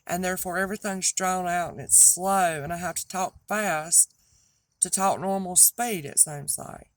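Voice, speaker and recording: A woman's voice: lowish voice, normal speed, no echo. A middle-aged woman with a thick Southern drawl, chatting casually and rambling in a vlog to her regular viewers. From North Carolina, US. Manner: rambling, chatty, trips over words. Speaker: online reseller and host.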